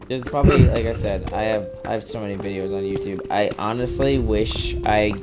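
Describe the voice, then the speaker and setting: Young dude streaming a game, lowish voice, rambly and sweary, music in the back. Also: male voice, a little fast. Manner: loose, rambling, swears often. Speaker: gaming streamer. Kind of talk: casual gaming chat.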